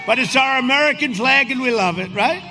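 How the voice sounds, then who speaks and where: Guy rambling and bragging at an outdoor rally, shouty, big crowd roaring, windy noise everywhere. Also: very high-pitched, brisk. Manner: boastful, rambling, often shouting. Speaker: politician speaking at a rally. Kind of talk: rally speech. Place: outdoor rally in cold wind. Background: large cheering crowd and wind.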